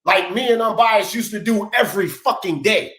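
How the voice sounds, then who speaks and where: A man's voice: sits high, normal speed, fairly bright tone. A man hosting a sports talk stream, arguing in a fired-up, profane, emphatic way and calling people "bro" and "dog". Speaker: host. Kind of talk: heated sports talk debate. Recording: roomy echo.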